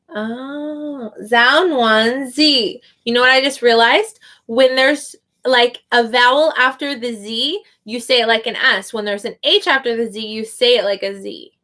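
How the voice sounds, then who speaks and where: A woman's voice: on the high side, pushed and bright. A woman teaching online, chatting casually and hesitantly as she sounds out names one at a time. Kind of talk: casual livestream chat.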